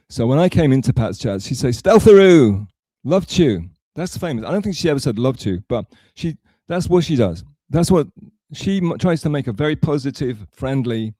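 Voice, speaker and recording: An English man with a medium-pitched, warm voice talks on a livestream, recorded dry. He rambles and mocks himself, telling a story in a sarcastic, digressive way.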